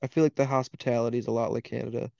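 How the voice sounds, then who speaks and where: Speaking very fast in a flat, gravelly, slightly mellow mid-range voice, a young man from Wisconsin with an Upper Midwest accent guests on a podcast in casual chat. The laid-back hunting guide laughs easily and acts out what others said to him, and the recording is dry and muffled.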